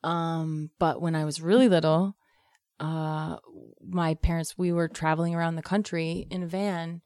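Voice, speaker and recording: A woman's voice: low-pitched, little pitch movement, unhurried, a little mellow, no room sound, clean studio sound. A woman comedian telling loose, laid-back stories in casual chat, swearing and calling people "man". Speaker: comedian guest.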